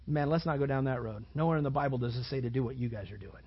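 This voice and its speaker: A man preaching a sermon as a pastor, telling stories in an animated way, repeating phrases and acting out what people said. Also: medium pitch, fast, hardly any pauses, husky, lo-fi sound. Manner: animated storytelling, repeats phrases and acts out quotes.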